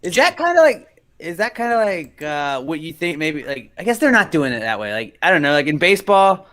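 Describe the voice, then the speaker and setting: A man co-hosting a casual football podcast, rambling and relaxed. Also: fairly high pitch, fairly quick. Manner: rambling, relaxed, lots of fillers. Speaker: podcast co-host.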